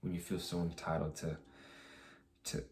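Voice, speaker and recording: Deep-voiced man venting in a vlog. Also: level tone, normal speed, gravelly, slight background noise. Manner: rambling, restarts, swears, firm retelling. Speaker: vlogger. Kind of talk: casual storytelling vlog.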